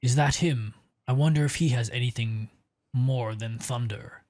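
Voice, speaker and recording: A man putting on the voice of a menacing male crime boss, slow and cold. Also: medium pitch, darkish tone, lightly acted. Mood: scornful.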